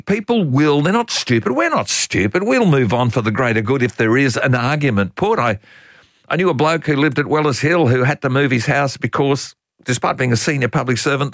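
An older Australian man hosts talkback radio in a mid-range voice, recorded dry. He's animated and exasperated, offering folksy opinions punctuated by laughs.

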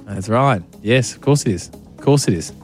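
A man's voice: medium pitch, lively intonation, moderate pace, a little mellow, soft background music. An Australian man hosting a radio show, easygoing and teasing a caller. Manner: easygoing, teasing, laughs often. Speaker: radio host. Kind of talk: breakfast radio banter.

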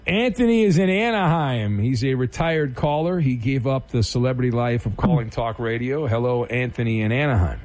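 A man hosting a sports call-in radio show, deadpan and teasing, often restarting his sentences. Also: medium pitch, moderate pace, hardly any pauses. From Southern California. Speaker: sports talk radio host.

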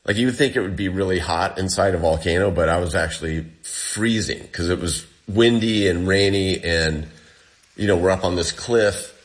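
A man, the guest, recounts a personal ordeal in a casual storytelling way, with lots of fillers and a pace that speeds up and slows down. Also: low-pitched.

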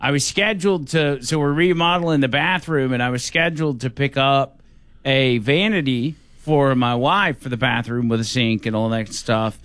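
A man's voice: medium pitch, moderate pace, fairly bright tone, no room sound. Easygoing man in his forties, dry mic. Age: 40s. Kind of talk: casual radio chat.

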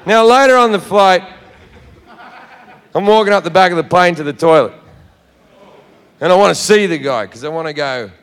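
A man's voice: sits high, lively intonation, moderate pace, pauses often. An Australian man telling a profane stand-up story, brash and swearing freely, recorded live in a reverberant hall. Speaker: stand-up comedian.

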